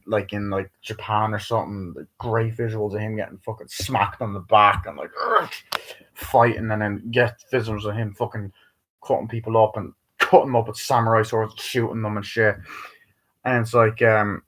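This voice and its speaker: A man's voice: lowish voice, a bit bright, low-quality recording. A man giving a casual, rambling movie review, swearing a lot and acting out lines of dialogue as he goes. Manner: rambling, profane, acts out quoted dialogue.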